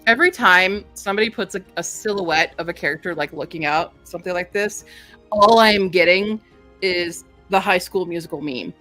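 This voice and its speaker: A woman's voice: on the low side, normal speed, bright, forceful tone, soft background music. A stuffy-nosed woman hosting a book video, reading blurbs and chatting casually, joking and swearing freely.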